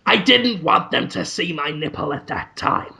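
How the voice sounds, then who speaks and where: A man putting on a shrill, wailing, shamed office worker. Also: sing-song, normal speed, gravelly, bright, forceful tone, full character voice. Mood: pleading. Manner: over-the-top wailing, shrill and drawn out. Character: melodramatic ashamed male office worker, wailing.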